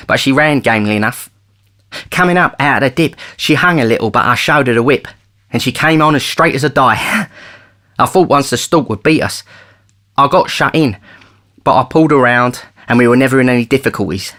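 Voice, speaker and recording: A man voicing a little jockey, eager and deferential, talking briskly in a raised voice. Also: medium pitch, pushed and bright, pitched above the performer's own voice, natural voice. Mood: cheerful. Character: little grinning male jockey, cheerful and deferential.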